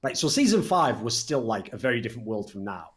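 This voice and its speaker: Fast-talking host. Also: male voice, medium pitch. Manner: animated, swears, acts out voices of others. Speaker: podcast host. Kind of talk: casual esports chat.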